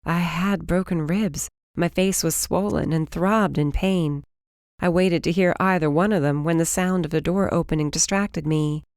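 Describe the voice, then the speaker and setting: A woman giving steady first-person narration of a fantasy audiobook. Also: on the low side, moderate pace, no room sound, studio quality.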